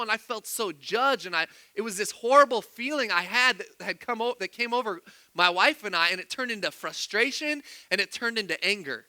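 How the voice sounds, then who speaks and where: Young man, pastor, sermon, high-pitched, sharp bright tone, chatty, asks the congregation questions. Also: no echo. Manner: conversational, quizzes the congregation.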